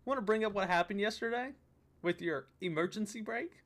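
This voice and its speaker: A young man hosting a podcast, telling a story in casual chat with bursts of laughter and loud impressions of his friends. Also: high-pitched, fairly quick. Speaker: podcast host.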